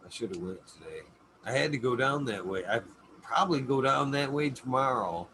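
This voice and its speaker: A man hosts a relaxed talk show, his stories loose and peppered with swearing and laughter. His pitch sits in an ordinary middle range. A faint hiss of background noise runs under his voice. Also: fairly quick. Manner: loose, profane, laughing storyteller. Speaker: podcast host. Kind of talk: casual chat.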